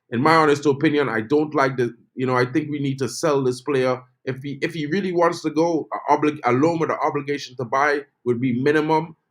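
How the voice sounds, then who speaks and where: A man hosts a relaxed live-stream football talk, rambling a little and peppering his speech with "you know". His voice sits at a moderate pitch, and he answers viewer comments as they come in. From Trinidad and Tobago. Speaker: football channel host.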